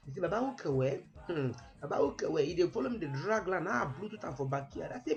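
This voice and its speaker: Animated man preaching in Warri Pidgin. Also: fairly high pitch, fast talker, creaky, few pauses, dull audio. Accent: Warri Nigerian Pidgin. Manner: animated, emphatic, acts out anecdotes. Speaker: comic preacher. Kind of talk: comic pidgin sermon.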